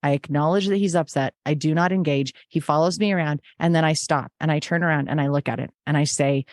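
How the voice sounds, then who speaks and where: Middle-aged woman, low register, earnest guest, acts out past dialogue, dry close mic. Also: steady tone, fast, few pauses, darkish tone, no room sound. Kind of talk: conversational interview.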